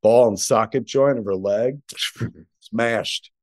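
A man's voice: mid-range voice, takes it slowly, darkish tone, no echo, clean studio sound. A middle-aged man co-hosting a podcast from home, telling a long, rambling story packed with profanity. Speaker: podcast co-host. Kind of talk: casual chat.

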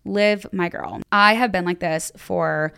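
A woman's voice: lowish voice, takes it slowly, gravelly, pushed and bright, clear, resonant tone. A young woman hosting a podcast, giving casual advice in a candid, self-deprecating way with lots of "like". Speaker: podcast host.

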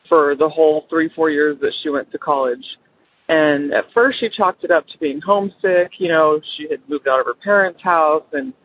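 Over a phone line, a woman caller chattily relays a friend's ghost story, rambling with fillers and quoting the people involved. Her voice is low-pitched with a breathy edge.

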